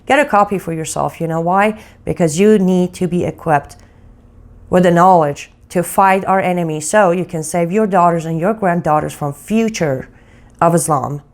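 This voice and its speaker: A woman's voice: on the low side, normal speed. A woman reading a scripted promo in an urgent, exhorting manner. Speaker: promo announcer. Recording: faint music behind the voice.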